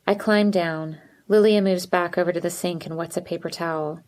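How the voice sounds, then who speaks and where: A woman reading a first-person audiobook in an even, measured way. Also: on the low side. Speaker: audiobook narrator.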